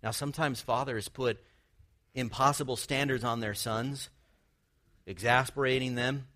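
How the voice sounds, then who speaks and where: A man's voice: medium pitch, fairly even intonation, a little slow, pushed and bright. A man preaching a sermon, teaching earnestly with rhetorical questions and the odd light laugh. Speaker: pastor.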